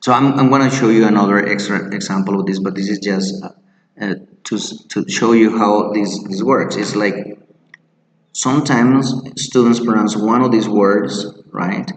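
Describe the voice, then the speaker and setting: A man's voice: on the low side, steady tone. Man teaching pronunciation, echoey. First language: Spanish. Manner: explains step by step, models words slowly and repeats them. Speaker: English teacher. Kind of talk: screen-share teaching lesson.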